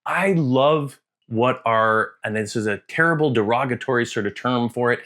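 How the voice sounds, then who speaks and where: A man's voice: normal speed, fairly bright tone. A man talking casually in a vlog, earnest and emotional, rambling with restarts and acting out quoted voices. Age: adult, served in the military. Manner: acts out quoted voices with big pitch jumps. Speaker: vlogger.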